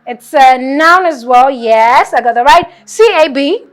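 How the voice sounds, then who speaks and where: A woman's voice: sits high, measured pace. A woman teaching a children's vocabulary lesson, encouraging and spelling words out letter by letter.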